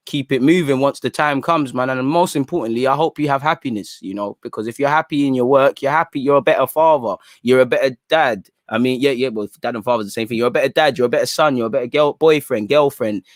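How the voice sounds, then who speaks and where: A young man hosting a livestream, talking in animated, slangy casual banter. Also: medium pitch, no room sound, studio quality. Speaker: fan channel livestream host.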